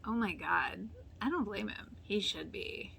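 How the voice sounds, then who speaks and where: A woman hosting a casual TV rewatch reaction, chatty and full of fillers, often sinking into soft near-whispers and laughing often. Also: mid-range voice, lively intonation, unhurried, gravelly, slight background noise. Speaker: YouTube reaction host.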